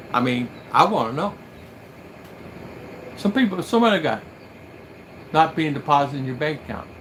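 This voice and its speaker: Emphatic middle-aged man, fairly high voice. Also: sharp tone, slight background noise, low-quality recording. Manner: emphatic, rhetorical questions. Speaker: livestream host. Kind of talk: casual livestream chat.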